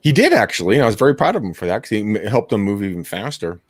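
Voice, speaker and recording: Animated low-voiced man telling stories. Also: rapid-fire, slightly rough, dry recording, clean studio sound. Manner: animated, profane, laughs loudly at his own stories. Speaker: real estate agent hosting a live cold-calling stream. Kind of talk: casual chat, storytelling.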